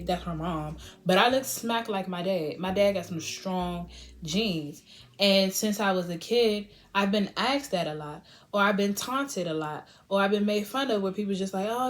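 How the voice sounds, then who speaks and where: A young woman vlogger telling a storytime with animated delivery, laughing often and acting out what others said. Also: medium pitch. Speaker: beauty vlogger. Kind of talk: storytime vlog.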